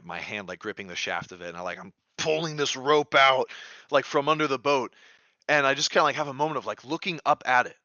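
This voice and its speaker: A man with a bright, forceful voice telling a story in casual podcast chat, loose and profane, full of "like." He swings from hushed narration to loud exclamations. The sound is dry and a bit dull and lo-fi. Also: mid-range voice, no room sound. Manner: loose and profane, heavy use of "like". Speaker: podcast guest.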